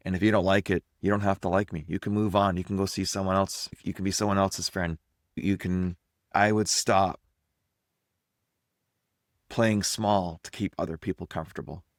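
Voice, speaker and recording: Low voice canadian guy in his 50s, life coach musing out loud at home, honest and reflective, dry sound. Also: no room sound. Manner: candid, self-reflective, earnest. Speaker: life coach and podcast host. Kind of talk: casual solo podcast monologue.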